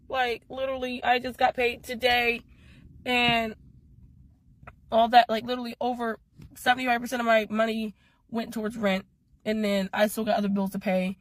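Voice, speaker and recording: Hoarse, weary young woman talking to camera. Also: fairly high pitch, steady tone, normal speed. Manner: weary, rambling, repetitive, exasperated. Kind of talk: casual social media vlog.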